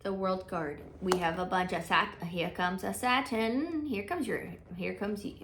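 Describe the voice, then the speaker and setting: A woman's voice: medium pitch, unhurried, noisy background. A woman giving a casual, chatty tarot reading, thinking aloud with frequent fillers and restarts. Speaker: tarot reader.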